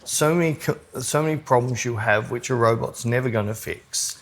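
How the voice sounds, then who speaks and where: A man's voice: mid-range voice, moderate pace. A man co-hosting a podcast, blunt and opinionated, swearing casually as he talks. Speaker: podcast co-host. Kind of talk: casual chat.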